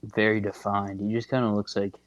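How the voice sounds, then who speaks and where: A man co-hosting a casual podcast, joking and swearing with deadpan asides. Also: on the low side, brisk, no room sound, dull audio. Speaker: podcast co-host. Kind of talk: casual chat.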